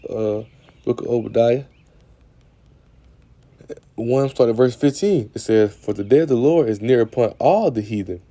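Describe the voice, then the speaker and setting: Man casually preaching scripture, mellow voice. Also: mid-range voice. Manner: casual, repeats "man", stammers, reads verses slowly. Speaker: religious speaker. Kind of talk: informal scripture teaching.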